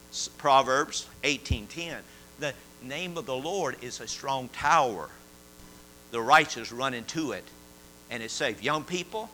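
Preacher man, bright and cutting. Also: on the high side, slight background noise, rough recording. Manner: folksy storytelling, bursts into shouting praise. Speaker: prison chaplain. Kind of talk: sermon with testimony.

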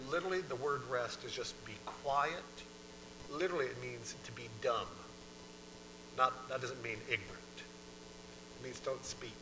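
A man preaching a sermon in a conversational style, moving between hushed and emphatic delivery and often repeating himself. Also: medium pitch, noisy background. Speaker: pastor.

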